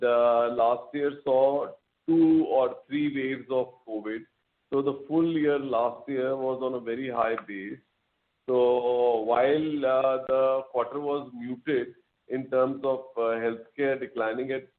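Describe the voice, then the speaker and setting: Executive on a tinny phone line. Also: male voice, mid-range voice. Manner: measured, explanatory, frequent fillers. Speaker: company executive answering analysts. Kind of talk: earnings call answers.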